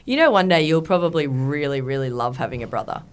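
A woman's voice: sits low, animated, fast talker. A woman in her thirties hosting a podcast in a studio, chatting casually and rambling with filler words. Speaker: podcast host.

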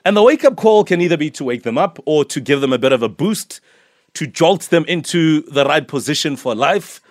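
A man hosting a morning radio show, with a loud, upbeat presenter delivery. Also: fairly high pitch, animated, brisk, dry recording, clean studio sound. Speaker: radio host.

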